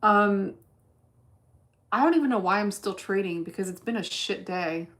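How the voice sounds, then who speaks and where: A woman's voice: mid-range voice, moderate pace, a bit bright. A woman streaming her day trading in casual chat, blunt and cursing freely as she thinks aloud. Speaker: livestreamer trading stocks.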